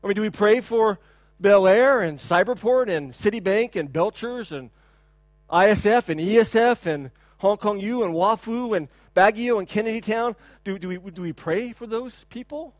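A man in his thirties preaching a sermon, his voice sitting high for a man and sounding close and dry with little room around it. He talks loosely, repeats himself, and swings into loud, animated bursts. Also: normal speed, dry recording. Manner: animated preaching, shouts to imitate a crying child; repeats words and restarts, conversational. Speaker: pastor. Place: church hall.

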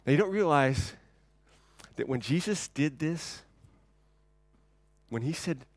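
A man's voice: a little high, lively intonation, slow, no room sound. Conversational man preaching a sermon. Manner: conversational, repeats words when starting sentences. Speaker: pastor. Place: church.

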